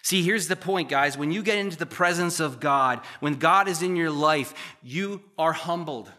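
A man in his thirties preaches to his congregation, reading scripture and jumping into animated asides. His voice is bright and forceful and pitched a touch high. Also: normal speed. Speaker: pastor.

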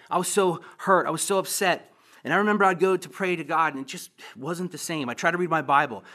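A middle-aged man preaching a sermon as a pastor in a church, passionate, with loud emphatic bursts and quiet asides. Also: fairly high pitch.

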